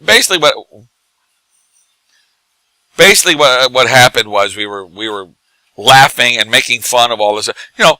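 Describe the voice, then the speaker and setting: A middle-aged man, drunk, telling animated stories in casual bar chat as a guest who acts and teaches comedy. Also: mid-range voice, normal speed, pauses often, no echo, poor audio. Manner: animated, laughing, tipsy anecdotes.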